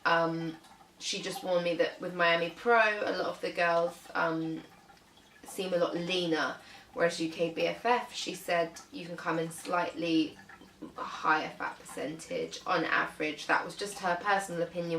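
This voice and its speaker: A woman's voice: lowish voice, a bit bright, reverberant, far from the mic, slight background noise, low-quality recording. A young British woman vlogging casually about her fitness, chatty, with lots of "um" and "like". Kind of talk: casual vlog talk.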